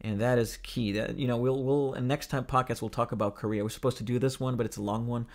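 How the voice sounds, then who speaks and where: A man's voice: mid-range voice, fairly even intonation, quick pace. A man hosting his own podcast, talking casually and directly to viewers with exasperated, sarcastic rhetorical questions. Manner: chatty, addresses viewers as guys. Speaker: podcast host. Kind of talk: casual spoken commentary.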